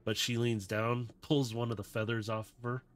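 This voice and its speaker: A man's voice: medium pitch, little pitch movement, moderate pace. A man narrating a tabletop role-playing game as game master, in a casual, loose way. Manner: casual, loose, with many "kinda".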